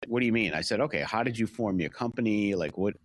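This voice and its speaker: A man's voice: lowish voice, lively intonation, quick pace, dry recording. Older man with a Rhode Island–Massachusetts accent. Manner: rambling, many restarts and "you know". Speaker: guest, fire captain and author. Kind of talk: casual interview storytelling.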